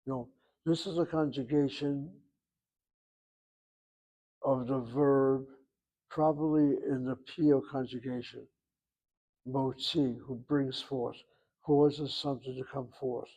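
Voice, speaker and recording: A man's voice: medium pitch, fairly even intonation, warm tone, highs cut off. Man teaching a Hebrew grammar lesson. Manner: thinks aloud, pauses to search for terms. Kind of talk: classroom lecture.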